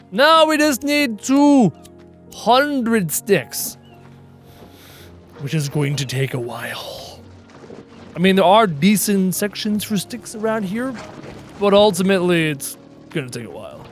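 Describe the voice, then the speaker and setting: A man with a high voice chats his way through a survival game, cracking puns and laughing at them. His pitch leaps all over the place as he talks, and soft music plays underneath. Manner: playful, chatty, full of puns; laughs at his own jokes. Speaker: gaming video host. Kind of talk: casual let's-play commentary.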